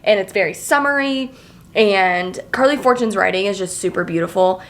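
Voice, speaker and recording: A woman in her twenties talking casually to camera in a vlog, chatty and excitable, swearing freely and leaning on filler words. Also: medium pitch, normal speed. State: emotional, near tears. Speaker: vlogger.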